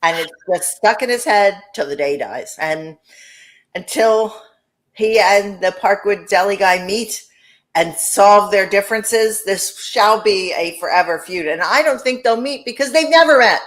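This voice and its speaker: A woman's voice: medium pitch, animated, moderate pace, a bit bright. A woman co-hosting a casual podcast chat. She laughs often, swears freely and mimics other people mid-story. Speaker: podcast co-host.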